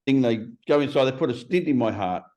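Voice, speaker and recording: A man in his fifties, a podcast guest telling stories in a blunt, profane, animated way. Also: mid-range voice, fairly quick. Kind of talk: casual interview storytelling.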